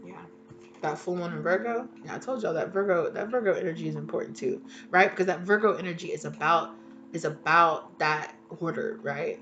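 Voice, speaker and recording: A woman's voice: fairly low pitch, fairly quick, highs cut off, over music. A woman giving a casual tarot reading to her viewers. She talks chattily, swears freely and laughs at herself. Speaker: tarot reader.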